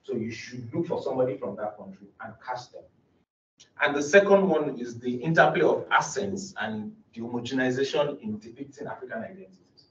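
A man's voice: mid-range voice, lively intonation, fairly quick, fairly bright tone. Young male doctoral presenter, earnest explainer, roomy hall sound with faint noise. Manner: earnest, explanatory, frequent restarts. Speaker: doctoral student presenting research. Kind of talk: academic conference presentation. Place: presentation room. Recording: roomy, distant, dull lo-fi recording.

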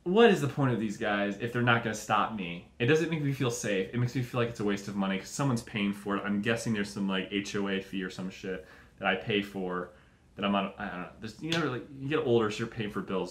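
A man's voice: on the low side, fast, roomy sound. A young man hosting a podcast, riffing in a profane, tangent-hopping comic monologue and acting out little scenes. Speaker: podcast host. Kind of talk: rambling comedic monologue.

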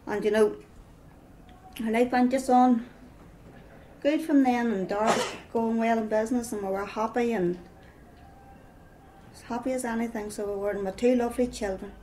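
A woman's voice: a little high, fairly even intonation, moderate pace, pauses often, warm tone, slight background noise, rough recording. A middle-aged woman with a Northern Irish accent giving a personal testimony, telling her story with many repeated "I says".

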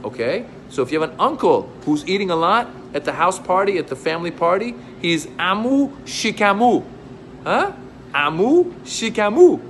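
Middle-aged male comedian, comic explainer, swings high and low, bursts into mock scolding. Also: a little fast, hardly any pauses, a little hiss or hum. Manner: animated, acts out exasperated outbursts. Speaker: comedian teaching words.

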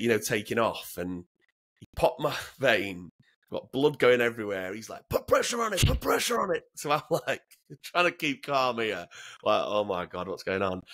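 A man's voice: mid-range voice, fairly bright tone. British ex-serviceman, 30s, casual storyteller, plain mid voice, swears freely, laughs through it. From Britain. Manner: blunt, sweary, laughs through his stories. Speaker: guest, former soldier.

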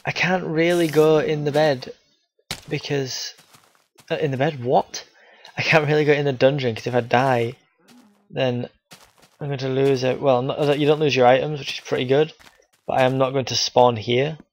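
A man's voice: mid-range voice, steady tone, moderate pace, long pauses, low-quality recording. A man giving casual commentary while playing a game, talking to his viewers and breaking into frustrated outbursts at the enemies. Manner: talks to the viewers. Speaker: gaming video host.

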